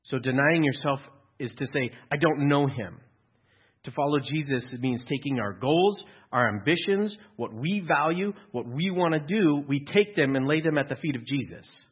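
Pastor guy preaching in a church, bit husky, kinda muffled lo-fi sound, chatty and wry. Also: a little high, animated, normal speed. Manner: conversational preaching with dry humor and acted-out quotes. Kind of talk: sermon.

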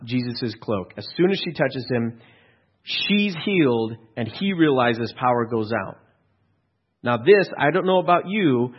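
A man's voice: mid-range voice, husky. A male pastor giving a sermon in a conversational, storytelling way, asking his listeners rhetorical questions. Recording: dull lo-fi recording.

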